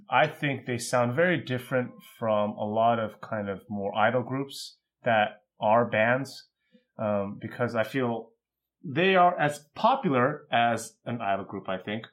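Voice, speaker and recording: A man co-hosting a podcast, chatting casually about music in a relaxed way, with lots of filler words. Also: mid-range voice. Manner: relaxed, thoughtful music commentary with many fillers. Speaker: podcast co-host. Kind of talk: casual chat.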